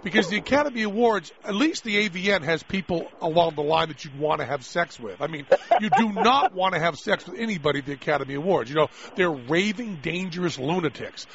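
Brash male radio host, quick to argue and joke, high-pitched, muffled broadcast quality. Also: lively intonation, fairly bright tone. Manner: brash, joking, argumentative. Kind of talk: casual call-in radio chat.

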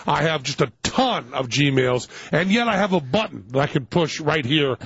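High-voiced wisecracking radio host, man. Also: expressive, moderate pace, vocal fry, husky. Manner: teasing, wisecracking. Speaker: radio talk show host. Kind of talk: joking call-in radio chat. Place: radio studio. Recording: dull radio broadcast with loud noise.

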